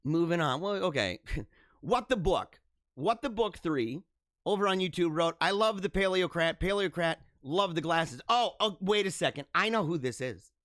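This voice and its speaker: A man hosting a live show with children at school, chatting in an excitable, rambling way, often laughing and repeating himself. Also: high-pitched, normal speed, no echo, studio quality. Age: adult with school-age children. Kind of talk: casual live-stream chat.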